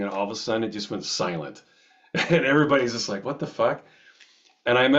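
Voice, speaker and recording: A man's voice: on the low side, lo-fi sound. A man casually reviewing old records for his channel, chatty and rambling, often restarting his sentences. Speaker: music video host.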